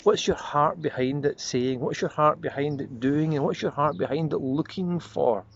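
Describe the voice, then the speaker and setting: A man preaching a short devotional sermon as a pastor, earnest and reflective, slowing and softening on repeated prayer refrains. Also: a little high, creaky. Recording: slightly dull lo-fi audio with faint noise.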